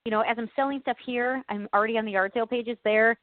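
A woman's voice: a little high, fairly even intonation, quick pace, no echo. A woman co-hosting a casual radio chat, bubbly and rambling, laughing often, sounding stressed and tired. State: stressed and exhausted. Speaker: co-host. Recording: tinny phone line, dry.

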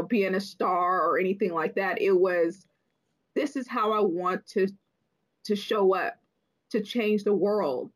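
A middle-aged woman with a lowish voice speaks as a neuroscientist guest. She talks thoughtfully, with frequent fillers, and slows down deliberately to stress her key ideas. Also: low-quality recording. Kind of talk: interview conversation.

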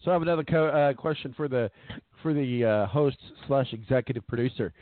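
A man co-hosts a casual sports radio show, joking and rambling off into asides. His voice is medium-pitched and brisk. The sound is tinny like a phone line, dry with no room sound.

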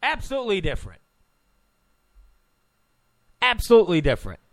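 A man's voice: high voice, wildly swooping pitch, normal speed. A man hosting a political talk show, giving an opinionated monologue, emphatic, repeating phrases and stammering on restarts.

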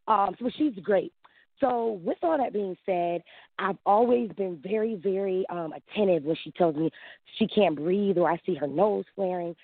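Woman in her 30s, animated caller, tinny phone sound, dry. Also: mid-range voice, a little slow, dry recording. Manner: animated, acts out quotes, laughs often. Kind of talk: casual storytelling.

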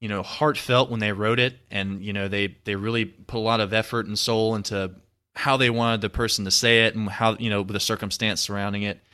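A man's voice: fairly low pitch, steady tone, a little fast, sharp tone, smooth. A man in his twenties hosting a podcast, chatting casually in a rambling, reflective way with many restarts. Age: 20s. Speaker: podcast host. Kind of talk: casual chat.

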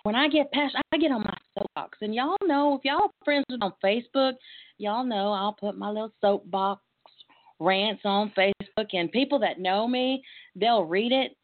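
A woman with a Texas twang hosting a relaxed, chatty talk show, laughing easily. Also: mid-range voice, normal speed, no echo. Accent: Texas Southern. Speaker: host. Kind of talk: casual chat. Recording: tinny phone-like line.

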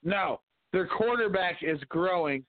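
A man's voice: sits high, animated, measured pace, dry recording. A man co-hosting a casual podcast chat, telling profane, ranting stories and arguing. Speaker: podcast co-host. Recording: dry, phone-like tinny audio.

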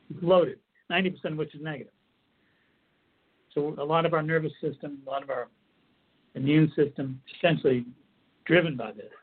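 A man's voice: mid-range voice, breathy edge. A man giving an earnest instructional talk on coping techniques, often restarting his phrases as he explains. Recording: tinny phone-like audio.

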